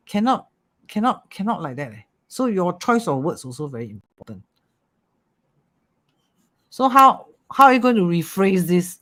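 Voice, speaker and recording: Metaphysics teacher, livestream class, animated, keeps checking "okay?". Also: mid-range voice, moderate pace, pauses often. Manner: animated, repeats "okay?" and "ah", coaxing.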